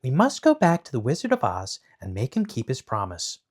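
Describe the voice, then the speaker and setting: A man voicing an eager young girl in a storybook reading, raising his voice high and bright. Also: huge pitch swings, fairly quick. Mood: earnest.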